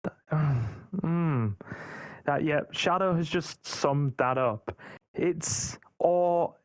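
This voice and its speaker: A man's voice: fairly high pitch, very slow, clear, resonant tone, no echo. A British man talking casually in a podcast roundtable, rambling and often repeating words as he thinks. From Britain.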